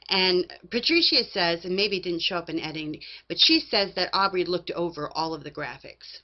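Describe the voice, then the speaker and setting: A woman's voice: fairly low pitch, moderate pace, hardly any pauses. A woman giving a sassy, mocking recap of a reality show, acting out what others said. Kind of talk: casual opinionated recap. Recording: slightly dull lo-fi recording.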